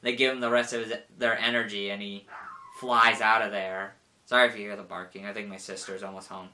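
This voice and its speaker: Young male reviewer, bright voice, rambly, heavy on "like", animated retelling. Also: fairly low pitch, brisk. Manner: rambling, full of "like", animated quoting with laughs. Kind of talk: casual spoken review.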